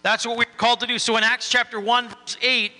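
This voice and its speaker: A man's voice: very high-pitched, flat delivery, brisk, pushed and bright, big-room sound. A man preaching a sermon in a folksy, encouraging way.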